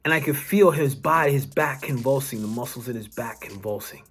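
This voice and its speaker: A man's voice: medium pitch, fairly quick. A young adult man, a wellness coach, telling a personal story to camera in an earnest, emphatic way, restarting sentences and swearing now and then.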